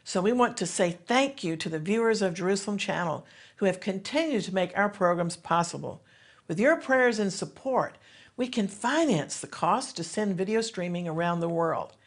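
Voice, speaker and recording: A woman's voice: medium pitch, expressive, normal speed. A woman hosting a Christian television ministry, giving an earnest devotional teaching and appeal to viewers. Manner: earnest, exhorting, with emphatic rises.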